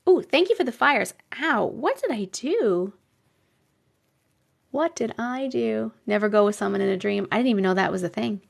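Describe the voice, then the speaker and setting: Lively New York woman hosting a livestream. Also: on the high side, gravelly. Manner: animated, exclaiming and laughing often. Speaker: live stream host reading viewer stories. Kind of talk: casual live stream chat.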